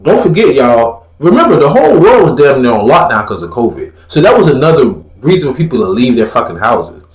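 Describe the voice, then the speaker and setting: Man, blunt preachy commentary, swearing freely, pitch swinging up and down a lot, roomy echo. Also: brisk, few pauses. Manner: animated, mocks others in put-on voices. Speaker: religious commentator. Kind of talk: fiery religious commentary.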